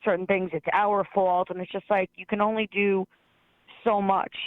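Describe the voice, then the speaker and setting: A man's voice: high-pitched, little pitch movement, moderate pace, no room sound. A man who is a schoolteacher calling into a talk show, venting in an exasperated way with lots of "like" fillers. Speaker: caller, schoolteacher. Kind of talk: casual phone call-in chat. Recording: tinny phone line.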